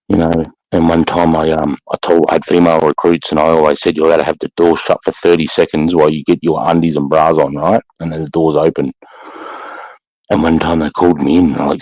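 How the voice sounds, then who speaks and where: A man's voice: extremely low pitch, fairly even intonation, a little fast, gravelly, a little mellow, no room sound, low-quality recording. A middle-aged Australian man, formerly an army sergeant, telling stories in a blunt, profane, swaggering way on a casual chat show.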